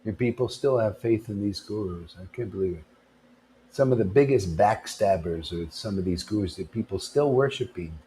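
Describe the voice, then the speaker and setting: A man's voice: lowish voice, moderate pace, dark tone, a little hiss or hum. Blunt, confrontational male preacher. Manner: blunt, confrontational, calls listeners "man"; rhetorical questions, mocking asides. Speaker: devotional preacher at a devotee gathering. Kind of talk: informal spontaneous preaching.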